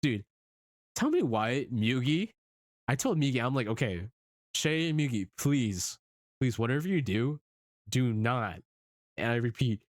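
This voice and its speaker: A young man streamer telling a story in casual chat, animated, swearing often and laughing as he goes. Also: medium pitch, measured pace, pauses often, no room sound.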